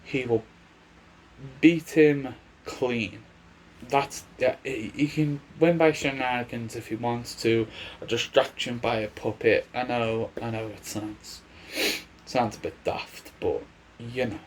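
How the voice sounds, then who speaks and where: A man's voice: medium pitch, slow, a little hiss or hum. A man giving casual, rambling wrestling predictions on his vlog, often restarting his sentences. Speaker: wrestling commentator.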